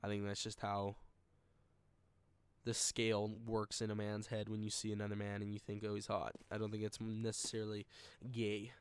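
A man's voice: on the low side, completely flat delivery, moderate pace, smooth. A young man giving casual, rambling commentary while he plays a game, swearing often and laughing at himself. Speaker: gamer commentator. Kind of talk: casual live gameplay commentary. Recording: loud gunfire from the game under the voice.

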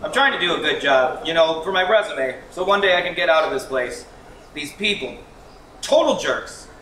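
A man's voice: a little high, animated, moderate pace, noisy background, lightly acted. A man playing an anxious, earnest young tech worker in a staged reading of a TV script. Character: anxious young tech guy, self-important. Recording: echoey room, mic far.

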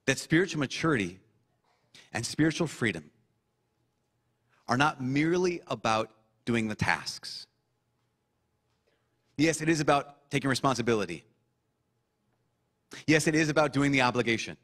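A priest preaching to a young audience, impassioned and repeating phrases for emphasis, then slowing into a soft prayer. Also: male voice, medium pitch, animated.

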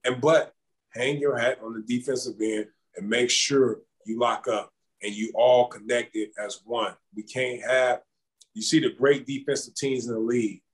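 A man, a former basketball champion, talking casually as an interview guest in a relaxed, slangy way that repeats words. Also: medium pitch, moderate pace, rough recording.

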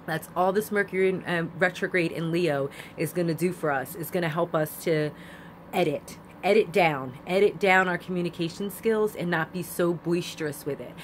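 A woman's voice: lowish voice, moderate pace, a little hiss or hum. A woman giving a chatty, repetitive spiritual astrology talk with emphatic phrasing. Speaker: astrology vlogger. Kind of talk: casual spiritual monologue.

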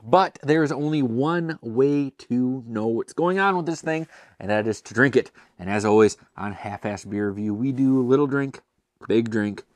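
A man's voice: mid-range voice, moderate pace, a little mellow, no echo. A man hosting a casual beer tasting review, talking chattily and enthusiastically with self-deprecating asides. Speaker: beer reviewer and show host.

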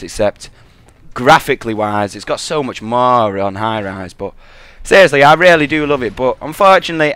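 A young man giving excitable, boastful, rambling off-the-cuff commentary over his gameplay. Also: medium pitch, clear, resonant tone. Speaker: gaming commentator.

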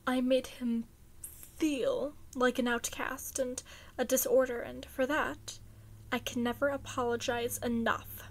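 A woman voicing a calm, stiff and weary logical man in a fan fiction reading, speaking in a clipped, formal, flat way. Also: high-pitched, slow pace. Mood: firm, bitter.

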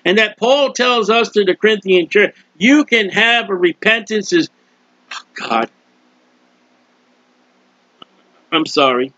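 A man's voice: high voice, fairly bright tone, no echo. A male preacher giving an impassioned sermon and acting out prayers, in a dull lo-fi recording. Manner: impassioned, acts out prayers and quotes.

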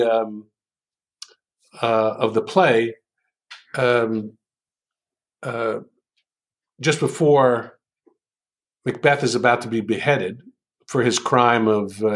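An older American man speaks slowly and deliberately in an interview, often pausing with ums as he works through ideas. His voice sits at a middle pitch, and he savors quoted sentences as he reads them aloud. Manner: thoughtful, hesitant with many ums, savors quoted lines. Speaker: author and writing coach, interview guest. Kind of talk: conversational interview, explaining with examples.

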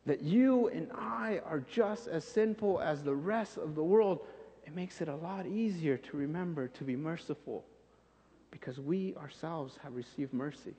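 A man preaching a sermon in a church sanctuary, animated, acting out scenes and repeating phrases for emphasis. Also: fairly high pitch, unhurried. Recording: dull recording with long church reverb.

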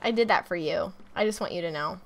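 A woman's voice: lowish voice, fast, gravelly. A woman hosting a casual Minecraft let's play, chatting playfully and teasing her co-player. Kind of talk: casual gameplay chat.

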